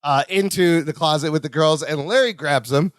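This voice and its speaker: A man with a high voice co-hosting a casual podcast, narrating sitcom scenes with amused laughter. The recording is close and dry, with no room echo. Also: normal speed. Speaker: podcast co-host. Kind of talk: casual chat recapping a sitcom episode.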